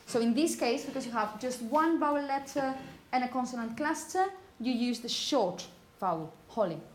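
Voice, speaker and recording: A woman teaching phonetics to a class, repeating example words slowly and checking understanding with frequent "okay?". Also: high voice, animated, slight background noise. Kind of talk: classroom lecture.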